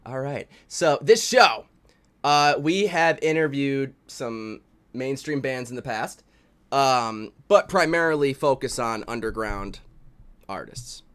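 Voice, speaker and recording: A man co-hosting an underground music review stream in crude, profane banter, swinging between low mutters and sudden yelled outbursts. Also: takes it slowly, clear, resonant tone. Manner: loud, swearing, drops to low mutters, yells outbursts. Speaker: co-host of an indie music review show.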